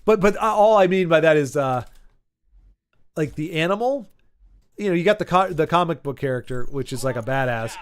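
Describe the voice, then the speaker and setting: A man's voice: a little high, animated, moderate pace, clean tone. Chatty, rambling male game streamer. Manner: rambling, self-interrupting, chatting with viewers. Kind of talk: casual live-stream chat while gaming.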